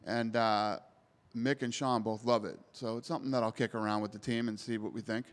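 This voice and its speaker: A man whose voice is on the low side, steady and brisk, answers a press scrum bluntly and emphatically, swearing casually. He's a promotion CEO in a post-event press area, with long hall reverb on the recording.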